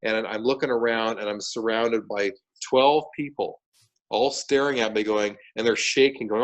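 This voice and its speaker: A man with a lowish voice recounts his experience as a guest in an interview. He talks animatedly, doubling back on words and restarting sentences as he goes. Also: moderate pace, muffled recording. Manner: animated, repeats words and restarts sentences while retelling events. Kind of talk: casual storytelling interview.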